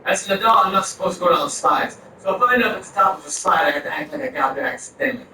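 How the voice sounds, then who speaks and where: A man with a high, light voice doing stand-up, firing off absurd one-liners one after another. He is caught from far off in a very echoey room with a steady hum of noise behind him. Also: very fast. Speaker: stand-up comedian. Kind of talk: stand-up set. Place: comedy club stage.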